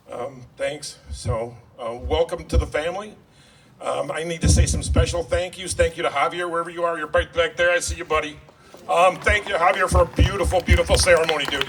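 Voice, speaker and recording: A man giving a wedding toast as father of the bride, joking about himself and getting emotional. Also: fairly high pitch. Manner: self-deprecating, joking, emotional. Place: wedding reception hall. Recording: distant mic, loud crowd noise. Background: crowd and laughter.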